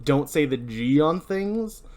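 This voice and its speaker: A man's voice: on the high side, expressive, slow, a little mellow. A man hosting a podcast, chatting casually and rambling about a movie. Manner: chatty, rambling, self-interrupting with laughs. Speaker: podcast host. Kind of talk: casual movie review chat.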